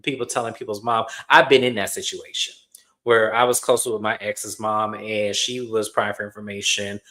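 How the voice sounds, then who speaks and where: A man recapping a reality TV episode in casual commentary, animated, acting out quotes and swearing freely. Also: fairly low pitch. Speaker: reality TV reviewer.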